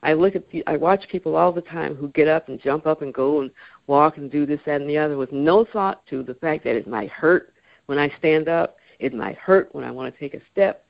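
A woman in her sixties talks calmly and earnestly as a radio guest, her voice low and gravelly. The sound is dry and a little dull, like lo-fi radio. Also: a little fast, no room sound. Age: 60s. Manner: calm, reflective, earnest. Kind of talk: radio interview.

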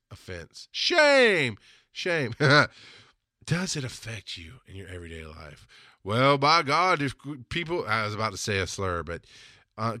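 A man delivers a solo podcast monologue in a forceful, bright voice. His talk is blunt and full of swearing, and he often builds into a heated rant. The sound is close and dry. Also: on the low side, no room sound. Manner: blunt, profane, rising into heated rants. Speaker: podcast host.

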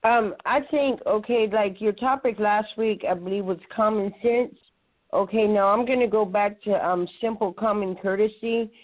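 A woman calling in to a talk show as co-host, speaking in a halting way and often restarting her sentences. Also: mid-range voice. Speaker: caller and co-host. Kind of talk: casual talk show chat. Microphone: phone call. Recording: tinny phone line.

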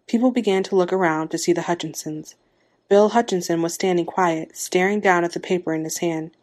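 A woman narrating a story aloud in a measured, expressive storytelling manner. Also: lowish voice. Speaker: story reader.

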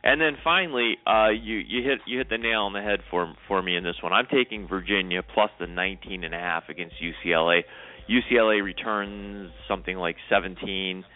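A man's voice: deep voice, fairly quick. A man co-hosting a sports talk show, giving his picks in a chatty, hedging way. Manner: talkative, hedging with "I mean" and "you know". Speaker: co-host making picks. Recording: phone-like call-in line.

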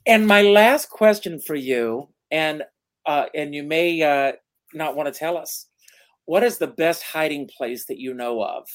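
A man's voice: on the high side, measured pace. A man hosting an interview over a video call, enthusiastic and affirming. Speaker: host. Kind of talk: interview host.

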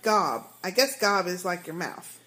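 A woman co-hosting a casual fan podcast, reading listener emails aloud and adding her own lively asides. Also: fairly low pitch, a little slow. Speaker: podcast co-host.

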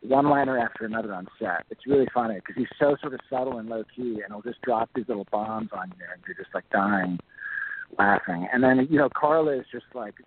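A man's voice: on the low side, a little fast, slight background noise. Rambling man on a phone line. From Texas. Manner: rambling, hedging with fillers. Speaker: actor guest. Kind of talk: casual phone interview. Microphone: phone call.

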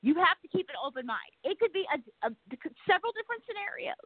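Excitable, swearing woman on a phone line. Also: very high-pitched, dry recording. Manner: profane, excitable, rants fast. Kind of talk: casual chat.

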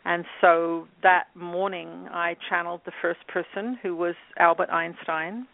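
A woman in her fifties from England, a guest telling her story in a relaxed interview with many fillers. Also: fairly low pitch, a little slow, gravelly, no room sound. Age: 50s. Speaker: guest, channel and author. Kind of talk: casual interview talk. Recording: tinny phone line.

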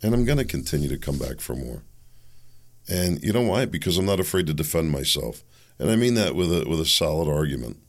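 A man's voice: a bass voice, big pitch swings, brisk. A man hosting a talk radio podcast, delivering a blunt, combative and sarcastic monologue.

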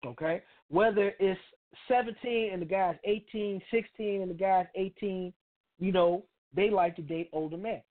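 Speaking at a moderate pace in a high-sitting voice, this middle-aged Chicago radio host gives an opinionated monologue over tinny, phone-like audio. His talk is blunt and profane, laced with street slang.

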